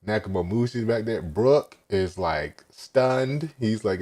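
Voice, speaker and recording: A man's voice: fairly low pitch, expressive, takes it slowly, a little mellow. A man hosting a casual live manga reaction, recapping scenes and quoting characters with laughs.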